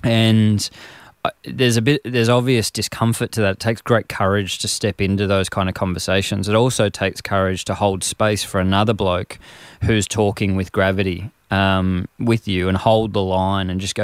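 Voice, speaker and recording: An Australian man speaks with earnest passion, his voice low and clear. He often slips into acting out what a bloke might say to his mate. The recording is dry and close, with no room sound. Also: flat delivery, moderate pace, dry recording. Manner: passionate, acts out imagined dialogue. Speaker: guest speaker, men's workshop facilitator. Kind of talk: earnest conversational advice.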